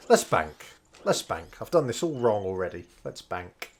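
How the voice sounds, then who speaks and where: Casting: man, lowish voice, chatty streamer-teacher, hesitant and rambling, faint noise behind. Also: very animated, moderate pace. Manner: rambling, hesitant, many fillers and restarts. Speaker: Japanese learner and game streamer. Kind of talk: casual explanatory commentary.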